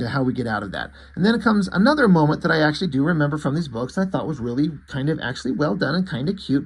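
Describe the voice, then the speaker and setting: A man casually reviewing a comic book page by page, rambling, opinionated and quick to swear. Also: on the high side. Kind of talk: casual chat.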